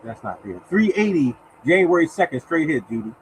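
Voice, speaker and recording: A man hosts a casual live lottery stream, his voice sitting somewhat high for a man. He chats loosely with viewers, calls them by name and reads number after number aloud. A faint hum sits behind him. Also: very animated, brisk, rough recording. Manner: mutters softly to himself while searching. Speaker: lottery show host.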